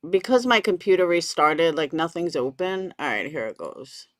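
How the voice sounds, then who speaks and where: A woman's voice: sits low, very animated, moderate pace, no echo. A woman hosting a casual live stream from her computer, chatting with viewers and greeting them by name. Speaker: livestream commentary host.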